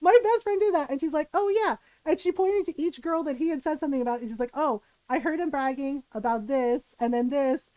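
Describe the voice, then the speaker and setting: High-voiced woman telling a story to her stream. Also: fairly quick, hardly any pauses, no room sound, low-quality recording. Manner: animated, laughing often, keeps asking "right?". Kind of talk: casual storytelling to a live chat.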